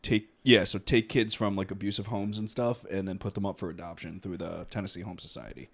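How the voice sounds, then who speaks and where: A man's voice: deep voice, level tone, a little fast, gravelly, a bit bright. A young man co-hosting a podcast, casually telling a history story with frequent swearing and laughter. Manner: laid-back, swears freely, laughs often. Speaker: podcast co-host.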